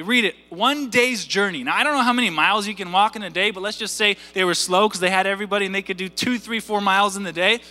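Male pastor, 30s, high, forceful tone, faint music under the sermon. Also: big-room sound. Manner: conversational, repeats words, asks the audience questions.

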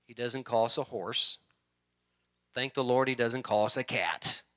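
A middle-aged man preaching as a pastor, conversational and halting, often clearing his throat and restarting sentences. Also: medium pitch, pushed and bright. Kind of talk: sermon.

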